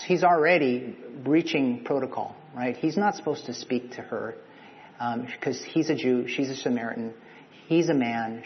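Conversational preacher in an echoey hall. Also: male voice, mid-range voice, dull audio. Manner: conversational, asks the listeners questions. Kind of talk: sermon.

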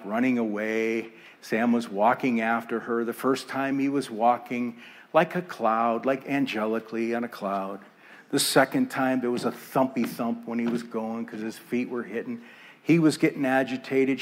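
Middle-aged male pastor; measured sermon delivery, gentle repeated phrases falling soft. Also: medium pitch, husky.

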